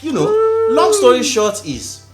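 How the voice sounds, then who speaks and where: A man co-hosting a podcast, telling a story in an animated, indignant way. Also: very high voice, slow pace, roomy sound, over loud music. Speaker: podcast co-host. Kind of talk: casual storytelling chat.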